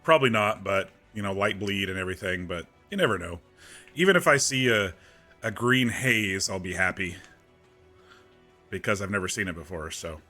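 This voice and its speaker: Bright-voiced man streaming casually. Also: low-pitched, moderate pace, faint music behind. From United States. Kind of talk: casual live-stream chat. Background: game soundtrack playing faintly.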